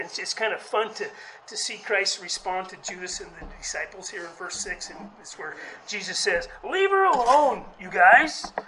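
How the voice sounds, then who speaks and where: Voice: pushed and bright, a little hiss or hum, poor audio. A preacher giving a conversational sermon, often restarting words and acting out quotes. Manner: conversational, halting delivery with frequent restarts; acts out quoted speech with raised pitch.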